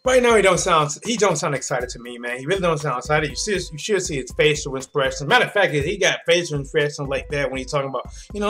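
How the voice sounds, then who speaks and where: A man's voice: on the high side, fast. A man hosting a live sports reaction stream, talking emphatically and directly to his viewers. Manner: animated, emphatic, talks straight to viewers. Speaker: sports commentary host.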